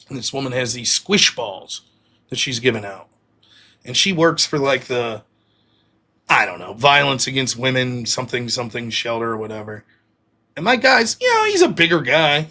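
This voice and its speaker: In this casual livestream rant, a man reads viewer donations aloud and vents bluntly, heated and full of swearing. His voice sits in the mid-range and sounds pushed and bright.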